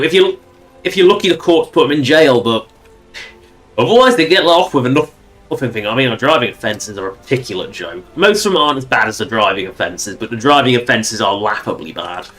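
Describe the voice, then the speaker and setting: A man's voice: mid-range voice, animated, fairly quick, long pauses, a bit bright, faint music behind. A man from England giving rambling, chatty gameplay commentary on a livestream. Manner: rambling, chatty, with frequent restarts. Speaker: game streamer.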